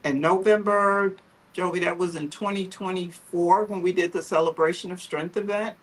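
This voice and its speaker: A woman's voice: on the low side, fairly even intonation, moderate pace, low-quality recording. A woman, founder of a photo therapy group, telling her personal story on a livestream video call in a heartfelt, emotional, earnest way.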